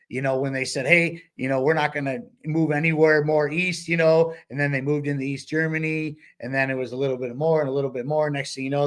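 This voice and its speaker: A man co-hosting a book club podcast, talking in a loose, rambling way with many fillers and restarts. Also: on the high side. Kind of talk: casual podcast discussion.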